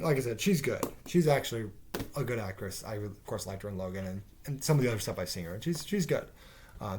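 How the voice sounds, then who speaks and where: Rambling, sarcastic man reviewing a show. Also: mid-range voice. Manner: rambling, profane, sarcastic, with many fillers. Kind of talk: casual spoken episode review.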